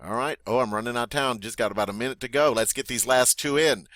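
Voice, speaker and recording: A man teaching a French vocabulary lesson, saying each word clearly and patiently, then asking the learner to repeat it. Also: mid-range voice, fast talker, few pauses, sharp tone, no room sound. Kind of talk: spoken language lesson.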